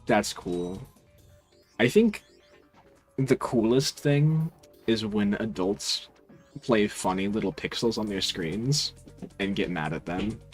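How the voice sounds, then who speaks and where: A male game streamer with a low voice that swings lively up and down as he talks. He chats with his viewers in a relaxed, dry, teasing manner, and a little music plays faintly underneath. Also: slow pace, long pauses, husky. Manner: laid-back, dry and teasing, answers chat. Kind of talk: casual stream chat while gaming.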